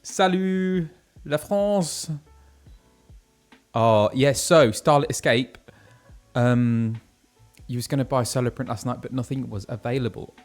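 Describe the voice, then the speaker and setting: A man's voice: medium pitch, steady tone, moderate pace, faint music behind. A man livestreaming from his kitchen, chatting casually with viewers and reading out their messages, with plenty of ums. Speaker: livestreamer and voice actor. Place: his kitchen at home, indoors. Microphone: streaming setup with ring light.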